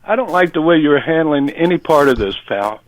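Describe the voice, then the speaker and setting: Pissed off guy swearing on a phone call, high voice that jumps around, dull and dry. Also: expressive, brisk, dry recording. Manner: angry, cursing. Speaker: prank call target.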